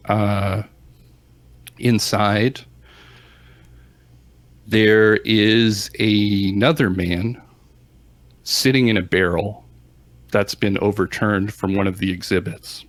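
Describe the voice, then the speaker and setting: A man narrating a tabletop role-playing game as game master in an unhurried, measured way. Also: on the low side, steady tone, no echo.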